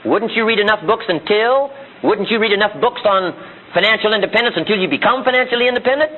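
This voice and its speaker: A man's voice: sits high, fast talker, narrow, tinny audio. A man giving a live motivational seminar speech in a room, driving his points home with emphatic rhetorical questions and repetition, heard on an old archival recording. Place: seminar room before an audience.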